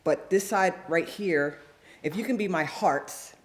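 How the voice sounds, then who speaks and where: A man's voice: sits high, a little slow. Chatty man coaching a crowd. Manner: chatty, coaching the crowd with repeated check-ins. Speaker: open mic poet. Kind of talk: addressing a live audience. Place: live venue before an audience.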